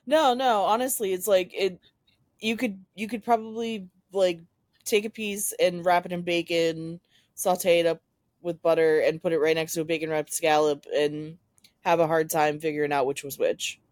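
A woman's voice: fairly low pitch, steady tone, moderate pace, darkish tone, no room sound, clean studio sound. A woman co-hosting a podcast in casual chat, joking and laid-back, talking over her phone from home. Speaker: podcast co-host. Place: at home, separate from co-host. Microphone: phone over hotspot.

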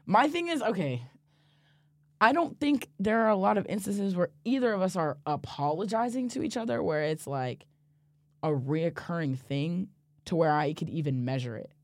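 Animated woman telling a story, dry mic. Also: lowish voice, normal speed, dry recording. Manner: animated storyteller, laughs easily, swears casually. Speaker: podcast co-host. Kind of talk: casual chat.

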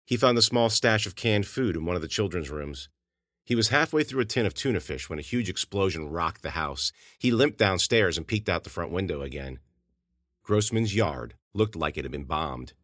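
A man narrating his own horror story in a measured, steady way as a podcast host. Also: sits low, no room sound, studio quality.

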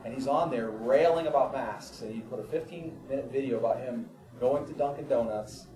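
Heard from a distance in an echoey room with a crowd and background noise, a pastor of medium pitch speaks briskly. He reads scripture with mounting fervor before relaxing into conversational everyday stories.

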